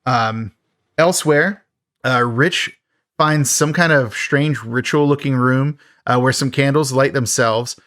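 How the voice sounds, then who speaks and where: A man talks through a film's plot on a podcast, loose and rambling, with lots of fillers and wry asides. His voice sits in a middle pitch. The sound is dry and close to the mic. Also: takes it slowly, fairly bright tone, no echo. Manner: rambling, filler-heavy, laughs at the film. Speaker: podcast host. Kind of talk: casual film recap.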